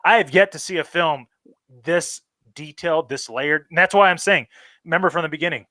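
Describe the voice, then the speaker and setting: A man's voice: fairly high pitch, fairly quick, pushed and bright, no room sound. A man in casual film chat, talking in an emphatic, profane and passionate way.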